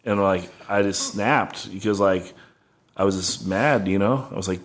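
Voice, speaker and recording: A man's voice: deep voice, unhurried. A man in casual podcast chat, rambling through a tour story with constant "like" fillers.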